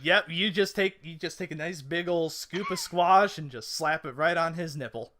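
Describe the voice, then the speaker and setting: A man's voice: fairly high pitch, moderate pace, pushed and bright, a little hiss or hum. A man narrating as game master of a tabletop game, laid-back and giggly.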